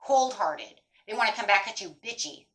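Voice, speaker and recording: A woman's voice: medium pitch, expressive, moderate pace, fairly bright tone, low-quality recording. A woman giving a tarot reading in a blunt, emphatic way, swearing freely as she talks straight to her viewers. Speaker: tarot reader.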